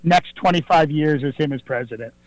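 Guy on a call-in explaining stuff, friendly, kinda high voice, dry. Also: fairly quick, no echo, low-quality recording. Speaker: impressionist caller. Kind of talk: casual radio call-in chat.

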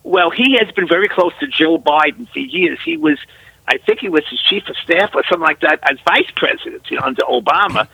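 A man's voice: a little high, very animated, fairly quick, creaky, bright, forceful tone, slightly rough, no echo, poor audio. An older man talking as a guest commentator on a radio show, earnest and rambling, his voice jumping up when he stresses a point. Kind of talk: phone-in radio talk.

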